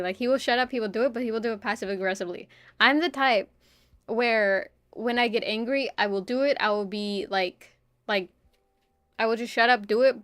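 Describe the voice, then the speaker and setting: A young woman speaks into a streaming mic in a dry, close sound, her voice sitting a little high. She chats casually with her audience and tells a personal story in an animated way. She swears freely and laughs between her phrases. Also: no room sound.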